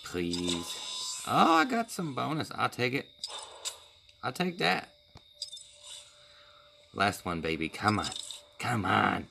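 Slow-talking man narrating his gameplay. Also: on the low side, wildly swooping pitch, gravelly, over music, rough recording. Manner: chatty, talks to himself while playing. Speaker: gaming video creator. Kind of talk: casual gameplay commentary.

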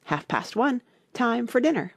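A woman's voice: on the high side, measured pace, husky, dry recording, clean studio sound, pitched above the performer's own voice, full character voice. A woman reading a contemptuous, mournful male Hatter. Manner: lively, theatrical storybook delivery. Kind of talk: audiobook character reading.

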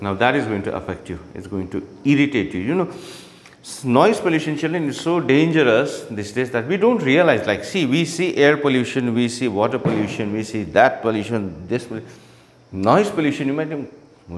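A man's voice: mid-range voice, sing-song, fairly quick, in a large hall. A male teacher explaining a lesson in an online class, often checking in with "okay" and "right?".

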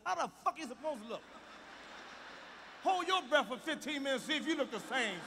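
A male stand-up comedian doing a loud, profane, mocking routine on stage. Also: very high-pitched, animated, a little fast, pauses often, slight background noise. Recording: live stage recording with hall reverb and faint ambience.

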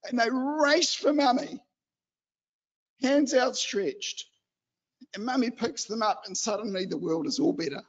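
A man from New Zealand giving an animated, chatty exhortation in a church hall. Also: very high-pitched, measured pace, long pauses, dull audio. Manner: chatty and animated, acts out excited children. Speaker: lay preacher.

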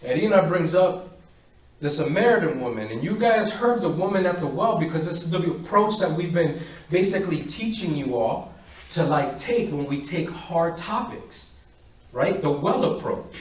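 At a normal pace, a man with a slightly high voice addresses a parish group in a faith talk. Animated, he tells stories and performs each person in them, both sides included, captured far from the mic in an echoey hall.

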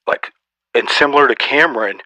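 A man's voice: medium pitch, a little fast, bright, forceful tone, dry recording. A man putting on a snarky old Santa. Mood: mock-stern. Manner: mock-stern roast, teasing. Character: boastful old male Santa Claus, snarky. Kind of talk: comedy podcast sketch.

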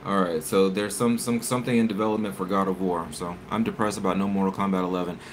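A man's voice: low-pitched, fairly even intonation, quick pace, slight background noise. A man hosting a casual live stream, chatting with viewers and reading articles aloud with stumbles and self-corrections.

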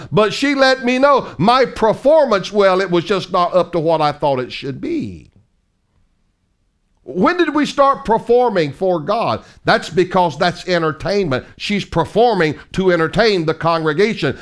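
A man's voice: sits high, a bit bright. A middle-aged man preaching a fiery sermon as an evangelist, emphatic and mocking, full of rhetorical questions.

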